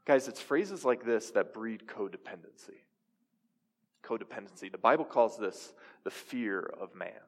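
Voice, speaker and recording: A man's voice: on the low side, animated, a little slow. A young adult man preaching a sermon in a conversational style, asking his listeners questions. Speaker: pastor. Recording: reverberant hall.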